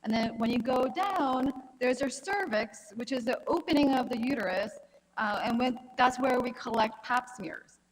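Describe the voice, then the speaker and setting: Woman oncologist in her thirties, fairly high voice, friendly lecture with stories, long hall reverb. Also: moderate pace. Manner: friendly, anecdotal, conversational lecturing. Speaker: gynecologic oncologist giving a talk. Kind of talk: health conference presentation. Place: conference hall.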